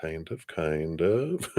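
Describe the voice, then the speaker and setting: Low-voiced laid-back male tarot reader. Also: slight background noise. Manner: laid-back, chatty, laughs often, trails off. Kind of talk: casual live tarot reading.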